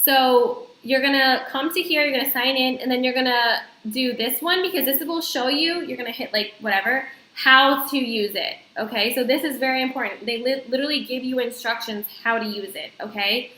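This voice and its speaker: A woman vlogger talks viewers through a casual tutorial, chatty and full of fillers. Her voice is fairly high and bright. The room around her sounds echoey. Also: normal speed, few pauses. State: slightly out of breath. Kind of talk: casual screen-share tutorial.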